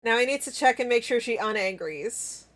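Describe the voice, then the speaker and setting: A woman's voice: on the high side, lively intonation, moderate pace, fairly bright tone. A young woman live-streaming in casual chat, giggly and playful, bursting into squeals and laughter.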